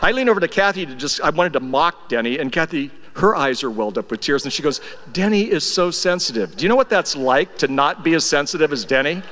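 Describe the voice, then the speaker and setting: An older man speaking at a memorial service in a church, telling wry, affectionate stories that sometimes drop to a soft, emotional tone. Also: a little high, lively intonation, quick pace, hardly any pauses, slight background noise. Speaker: eulogy speaker. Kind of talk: memorial tribute speech. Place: church sanctuary. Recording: reverberant church hall.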